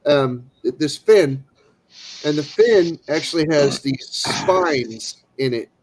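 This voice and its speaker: Animated man telling a story. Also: on the high side, slow pace, husky, rough recording. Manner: animated, acts out quoted people; rambling with restarts. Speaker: streamer. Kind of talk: casual storytelling.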